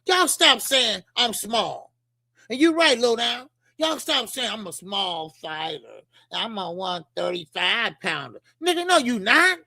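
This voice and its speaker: Brief: man, boxing show host, high gravelly voice, profane animated rant. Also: dry recording, studio quality. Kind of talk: casual boxing commentary.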